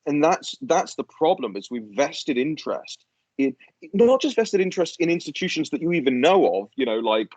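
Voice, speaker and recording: A man's voice: on the high side, sing-song, moderate pace, a little mellow, dry recording, lo-fi sound. A man as a guest in a casual political chat, ranting animatedly and swearing freely.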